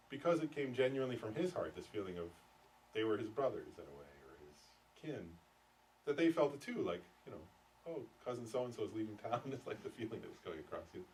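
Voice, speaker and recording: A man's voice: mid-range voice, darkish tone. A middle-aged man teaching a Buddhist class in a loose, conversational way, often checking whether his listeners follow. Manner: conversational, keeps checking "does that make sense?". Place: meditation center teaching room. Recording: distant mic, faint room noise.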